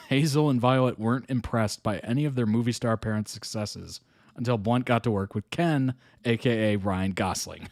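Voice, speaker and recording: Guy reading stuff out loud and reacting, chill, chuckly, dry close mic. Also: mid-range voice, moderate pace, no echo. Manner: reads articles aloud, chuckles and muses between. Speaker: reaction video host. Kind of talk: casual reaction commentary.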